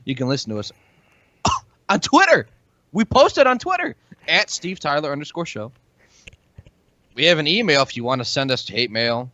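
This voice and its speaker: A man's voice: medium pitch, bright, forceful tone, dry recording, muffled recording. A man co-hosting a casual podcast, joking and rambling with frequent swearing. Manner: jokey, rambling, swears freely. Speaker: podcast co-host. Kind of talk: casual chat.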